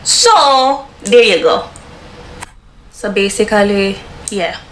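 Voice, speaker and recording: A woman's voice: mid-range voice, animated, takes it slowly, fairly bright tone, reverberant, a little hiss or hum. A woman with a Jamaican Patois accent, chatting bluntly and animatedly to the camera, laughing as she talks. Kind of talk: casual chat to camera.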